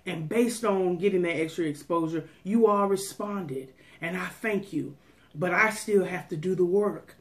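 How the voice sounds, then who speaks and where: A woman's voice: on the low side, unhurried. Folksy preachy woman vlogger. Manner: folksy, preachy, calls out to viewers. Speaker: food vlogger. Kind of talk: casual mukbang chat with preachy pep talk.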